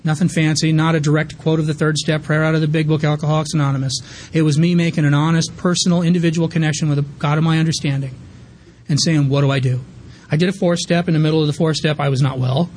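A man in his thirties tells his sobriety story at a rapid clip, candid and rambling, full of fillers and restarts. His voice sits a little high for a man. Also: flat delivery, darkish tone, slight background noise. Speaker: recovery meeting speaker. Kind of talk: personal recovery story.

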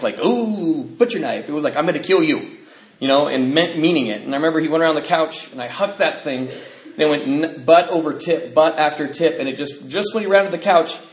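A man's voice: fairly high pitch, echoey room, rough recording. Man telling a candid life story. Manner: candid storytelling with nervous laughs and fillers. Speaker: speaker sharing a personal testimony. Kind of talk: personal testimony talk.

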